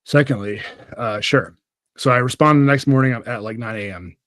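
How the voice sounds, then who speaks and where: A man's voice: mid-range voice, normal speed, a bit bright, no echo. Rambling, profane young man. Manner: rambling and profane, full of fillers. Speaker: podcast host. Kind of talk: casual chat.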